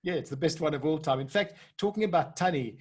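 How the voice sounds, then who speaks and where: Man hosting, slightly high voice. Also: fast talker, husky. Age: middle-aged. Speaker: interviewer, host. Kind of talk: casual video-call interview.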